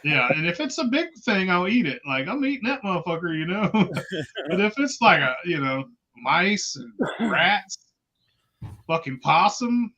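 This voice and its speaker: Man, cussing raconteur, very bright edgy tone, lo-fi audio. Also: sits high, big pitch swings, moderate pace. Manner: profane, laughing storyteller. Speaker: podcast participant. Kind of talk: casual podcast chat. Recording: dull lo-fi sound.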